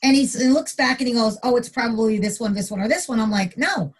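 A woman's voice: quick pace, slightly rough. A middle-aged woman, a retired corrections officer, telling a story casually in an interview and acting out the quotes. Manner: animated storyteller, acts out quotes with big pitch jumps.

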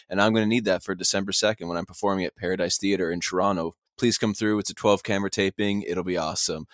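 A man's voice: sits low, quick pace, hardly any pauses, no room sound, clean studio sound. A man hosting a sports podcast, joking around and hyping up guests in his introductions. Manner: joking, hype-style introductions. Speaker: podcast host.

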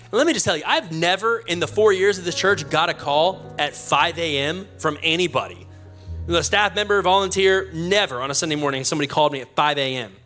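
A young male pastor telling a story in his sermon, animated and self-mocking, often laughing at himself. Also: a little high, a little fast, faint music behind.

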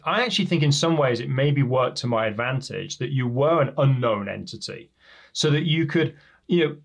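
A man from England, a professor, giving long and thoughtful interview answers in an English accent softened toward American. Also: mid-range voice, gravelly. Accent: softened English accent mixed with American. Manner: thoughtful, explains at length with examples. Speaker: guest, professor.

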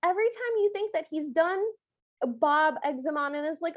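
Very high, lively-voiced woman podcast host. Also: normal speed, no room sound. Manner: chatty, amused retelling. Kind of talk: casual chat recapping a film.

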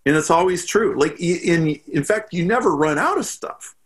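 A man guesting on a podcast, talking in an animated, storytelling way with lots of "like" fillers. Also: on the high side. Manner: storytelling, quick bursts with frequent "like" fillers. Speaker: podcast guest, business strategist. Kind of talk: animated interview talk.

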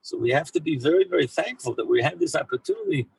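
A man who heads a yeshiva, telling an anecdote in an animated way to his former students, mixing in Hebrew and Yiddish words and often repeating himself as he goes. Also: fairly high pitch, fast, gravelly, husky, dry recording, poor audio. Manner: frequent repeats and restarts. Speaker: rabbi and yeshiva head. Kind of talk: storytelling talk to former students.

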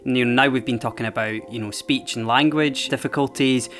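A man co-hosting a podcast, introducing clips and chatting in a measured, conversational way. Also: medium pitch, steady tone, fairly bright tone. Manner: measured, conversational, linking themes. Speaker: podcast co-host. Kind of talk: podcast narration and chat.

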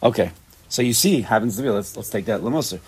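Guy teaching a small torah class, husky voice, keeps repeating himself, throws in hebrew words. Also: on the low side, fast talker. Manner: animated, repeats himself, mixes in Hebrew and Yiddish terms.

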